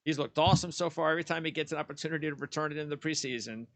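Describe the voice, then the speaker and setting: A man's voice: a little high, racing, fairly bright tone, dry recording. A man co-hosting a sports talk show, arguing his roster picks in an emphatic, opinionated way with frequent restarts. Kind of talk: casual sports debate.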